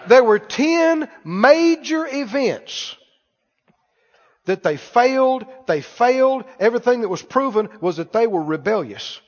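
A male pastor preaching a sermon, drawing replies from the congregation and building to loud, emphatic lines. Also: very high voice, lively intonation, a little slow. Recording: dull reverberant church hall sound.

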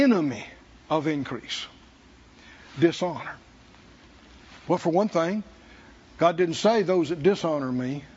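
A man's voice: a little high, husky, highs cut off. A man preaching a sermon as pastor, emphatic and repetitive in a church.

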